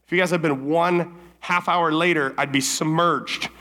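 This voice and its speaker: A man speaking to teens at a summer camp service, telling a story in a casual, animated way and acting out his own lines. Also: fairly high pitch, normal speed. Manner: casual, many fillers like "like" and "right?".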